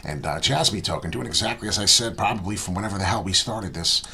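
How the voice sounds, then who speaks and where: A man hosting a crypto trading channel, giving casual chart commentary in a boastful, rambling, animated way. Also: deep voice, fast talker, creaky, slight background noise.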